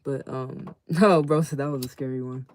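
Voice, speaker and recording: A man casually telling a story to his live chat in a slangy, animated way, acting out the people in it. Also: mid-range voice, a little slow. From California. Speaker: livestream host.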